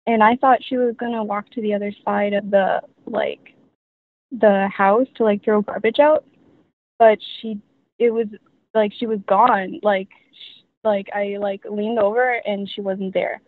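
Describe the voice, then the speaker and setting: A woman's voice: mid-range voice, steady tone, unhurried. A young woman telling her story as a guest, rambling with many fillers. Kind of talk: casual storytelling. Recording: tinny dry phone line.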